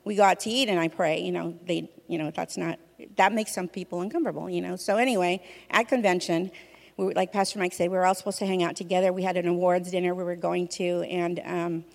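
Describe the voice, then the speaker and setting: A woman from a church sharing her testimony in a conversational, expressive way, often saying "you know". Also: on the low side, fast, gravelly. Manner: fills speech with "you know", vivid and expressive. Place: church hall. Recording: reverberant hall.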